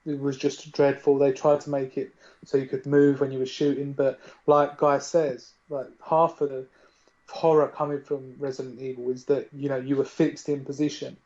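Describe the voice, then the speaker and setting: A man in a casual podcast chat, animated and arguing his points at length, peppered with "you know". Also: mid-range voice, normal speed. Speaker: podcast co-host. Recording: dull lo-fi sound.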